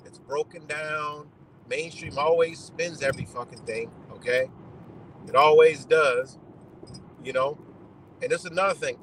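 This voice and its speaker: A man hosting a livestream, talking in an animated, profane rant and repeating himself in disbelief. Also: on the high side, background noise. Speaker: livestream host.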